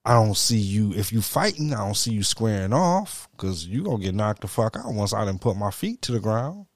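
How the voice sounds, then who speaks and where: A man's voice: fairly low pitch, big pitch swings, normal speed, dry recording. A middle-aged man in casual, profane chat, telling stories animatedly and slipping into quoted voices.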